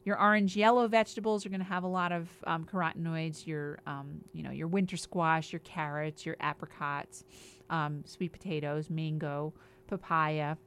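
A woman's voice: deep voice, fairly even intonation, normal speed, a bit bright. Upbeat woman chatting about food. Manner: upbeat and chatty, listing examples. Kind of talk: casual explanatory health chat.

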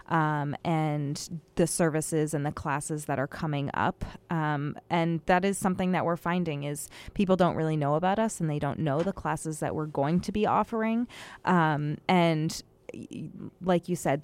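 A woman's voice: low voice, a little mellow, no echo. A woman who works as an education coordinator, speaking in a casual interview with frequent ums and restarts. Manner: hesitant, many ums and restarts. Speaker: education coordinator at a community kitchen.

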